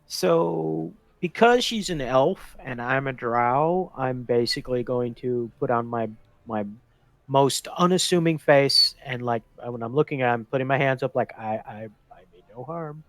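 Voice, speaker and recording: A man's voice: mid-range voice, unhurried, dry recording. A man chatting as a tabletop player, easygoing with hesitant restarts. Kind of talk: casual chat.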